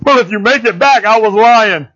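A man's voice: sits high, moderate pace, a bit bright, lo-fi sound. A man voicing a bold, sarcastic male prophet who answers a king with defiant smirking retorts.

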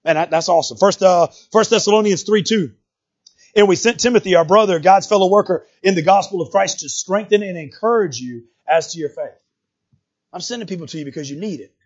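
A man's voice: sits high, a little fast, husky, highs cut off. A man preaching a sermon in a conversational way, full of rhetorical questions and repeated words.

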